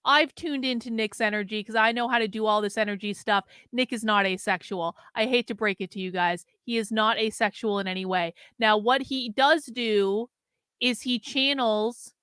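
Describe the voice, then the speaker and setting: Female host, bright crisp voice, gossipy and chatty, reacting to clips. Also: fairly high pitch, dry recording, studio quality. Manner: chatty, gossipy, quick asides. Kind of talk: casual reaction commentary.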